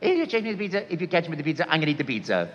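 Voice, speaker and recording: A man's voice: a little high, sing-song, rapid-fire, a bit bright. A man voicing a cheerful young Italian plumber who rambles playfully about food. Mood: joyful. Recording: echoey hall, dull sound.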